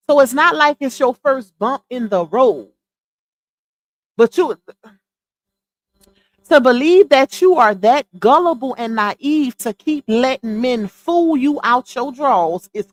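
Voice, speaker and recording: A woman hosting a livestream, giving blunt, scolding gossip commentary straight to her viewers. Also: sits high.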